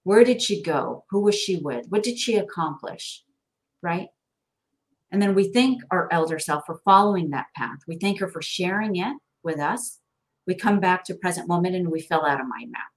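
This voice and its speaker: Expressive woman, laughing, chatty. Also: on the low side, moderate pace. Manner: expressive, laughs often, acts out quoted dialogue. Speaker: guest, financial planner. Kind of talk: animated conversational interview.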